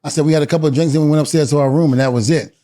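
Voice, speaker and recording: Middle-aged guy telling a wild story, slightly high voice, does all the voices himself. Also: steady tone, racing, warm tone. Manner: acts out quotes with shifting voices and laughs. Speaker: guest, retired wrestler. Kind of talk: animated storytelling.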